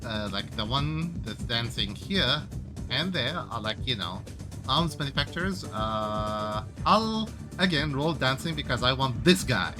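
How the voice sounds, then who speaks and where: A mid-pitched man who speaks hesitantly, pausing on fillers as he describes his move in a tabletop game. Music plays clearly behind him. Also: lively intonation. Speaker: player.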